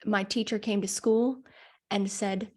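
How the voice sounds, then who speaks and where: A woman's voice: medium pitch, steady tone, unhurried, a little mellow. A woman astrologer who is a guest on a podcast, chatting casually. She says "like" often and laughs easily.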